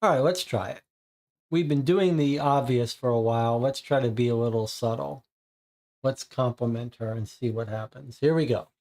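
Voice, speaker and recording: A man's voice: medium pitch, normal speed, a little mellow. A man streaming a live board game playthrough, thinking aloud, reading cards out and answering chat casually.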